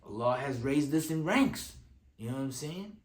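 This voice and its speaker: A man's voice: mid-range voice, lively intonation, normal speed, reverberant. A man giving casual video commentary, talking in streetwise slang and repeating lines for emphasis.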